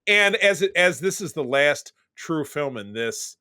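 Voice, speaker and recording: In clean studio sound with no room sound, a podcast co-host talks casually about a film in a fairly high, animated, bright, forceful voice, a little slow. He rambles and cuts himself off, restarting sentences and drifting into summaries.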